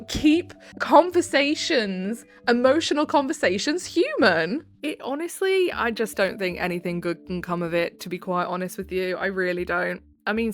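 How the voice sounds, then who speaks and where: Chatty woman reading online stories. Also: mid-range voice. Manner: chatty and opinionated, with frequent asides; reads texts aloud in a deliberate monotone. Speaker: Reddit story reader. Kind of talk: casual reading with commentary.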